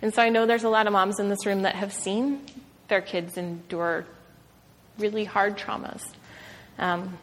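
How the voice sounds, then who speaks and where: A woman's voice: medium pitch, fairly even intonation, a little slow, a bit bright, slight background noise. A woman in her thirties, a mother, giving a heartfelt, conversational devotional talk to a room of women, with many "like"s and "um"s. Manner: earnest, conversational, frequent "like" and "um". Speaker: speaker at a women's gathering. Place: large room with an audience. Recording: long reverb of a hall.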